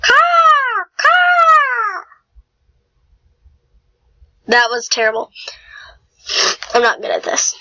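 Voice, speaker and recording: A woman reading a novel aloud in an unhurried, homemade style, with small slips and throat-clearing. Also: on the high side, sharp tone, low-quality recording. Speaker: reader. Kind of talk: amateur audiobook reading.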